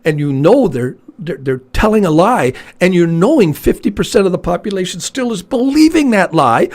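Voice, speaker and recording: A retired man co-hosting a casual talk show, rambling and animated as he tells stories. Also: sits high, normal speed, few pauses. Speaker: podcast co-host. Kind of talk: casual chat.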